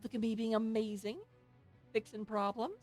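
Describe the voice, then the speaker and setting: A woman's voice: on the high side, steady tone, normal speed, a little mellow, soft background music. Playful woman casting an esports match. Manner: playful, goofy and self-mocking. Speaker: esports tournament caster. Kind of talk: live-streamed esports casting. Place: home streaming setup. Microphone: headset.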